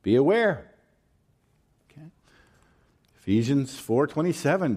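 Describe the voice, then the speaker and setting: Male pastor, sermon delivery, unhurried, highly expressive pitch. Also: husky.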